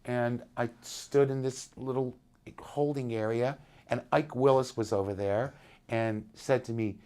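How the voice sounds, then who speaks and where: A man telling a long story in an interview, animated, often acting out the people he quotes. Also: medium pitch, unhurried, clear, resonant tone. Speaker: interviewed musician.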